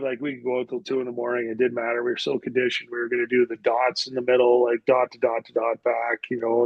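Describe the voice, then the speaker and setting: This podcast guest is a middle-aged ex-hockey player whose medium-pitched voice is recorded dry, with the highs cut off. Over the course of a relaxed storytelling interview, he wanders from point to point, cusses casually and peppers his speech with "like."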